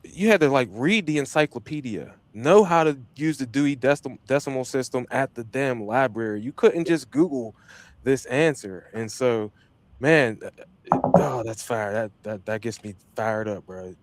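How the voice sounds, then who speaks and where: Male podcast host, middle pitch, hyped slangy motivator, dry recording. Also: normal speed, no room sound. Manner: hyped, slangy, repeats himself. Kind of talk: casual motivational chat.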